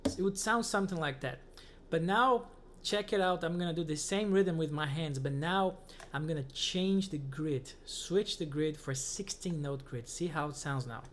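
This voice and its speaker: A man's voice: on the high side, moderate pace, hardly any pauses, slight background noise. A man who speaks as his gives a casual music lesson, counting beats aloud between guitar examples. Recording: guitar playing heard loudly.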